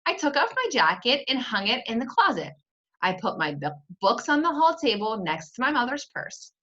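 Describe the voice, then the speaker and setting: A woman reads a children's novel aloud with an animated, swinging delivery and friendly asides. Her voice is bright and fairly high. The recording is a little dull and muffled. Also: moderate pace. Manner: expressive, chatty asides. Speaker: teacher reading aloud.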